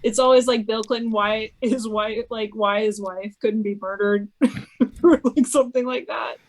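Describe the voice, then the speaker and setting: A woman's voice: fairly high pitch, steady tone, unhurried, slight background noise. A woman co-hosting a podcast, chatting loosely about politics with frequent giggles. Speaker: podcast co-host. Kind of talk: casual political chat.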